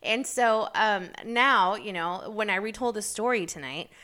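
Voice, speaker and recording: Woman, podcast host, casual chat, rambling storyteller, lots of fillers, excited outbursts, mid-range pitch. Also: measured pace. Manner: bursts of excited, incredulous emphasis.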